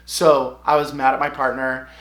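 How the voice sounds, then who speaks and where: Speaking to camera in an echoey room, a vlogger in his twenties tells a personal story expressively, often posing questions to himself and then answering them. His voice is mid-range and fairly bright, with a level tone and moderate pace.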